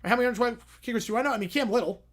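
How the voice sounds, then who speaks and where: A young man hosting a casual livestream, answering viewer questions with quick reactions and frequent "yeah"s. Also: extremely high pitch, fairly bright tone. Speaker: livestream host reading chat.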